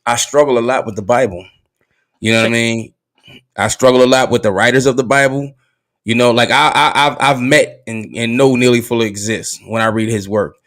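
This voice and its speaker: A man's voice: mid-range voice, fairly even intonation, a little fast, a bit bright. A man hosting a podcast in casual conversation, laid-back and candid with slang, recorded in a car. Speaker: podcast host.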